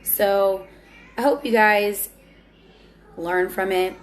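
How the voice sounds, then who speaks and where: A woman's voice: medium pitch, steady tone, takes it slowly, a little hiss or hum. A young woman talking candidly on her vlog, earnest and confessional, often restarting her sentences. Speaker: vlogger. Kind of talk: candid personal vlog talk.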